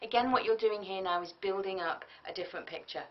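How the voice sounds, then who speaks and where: A woman giving a business tutorial, lively and often acting out example speakers. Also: medium pitch, fast. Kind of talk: tutorial lecture. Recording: muffled lo-fi audio from a distance.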